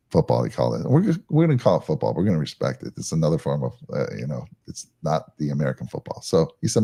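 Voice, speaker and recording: A man's voice: extremely low pitch, big pitch swings, a little fast, warm tone. A man hosting a casual live show, talking in a rambling, friendly way with lots of fillers and restarts. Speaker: podcast host.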